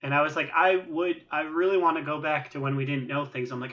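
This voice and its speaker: A man's voice: on the high side, brisk, dull audio. A man co-hosting a casual gaming podcast, telling stories animatedly and acting out what other players said. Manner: animated storyteller, acts out other players' lines. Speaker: podcast co-host.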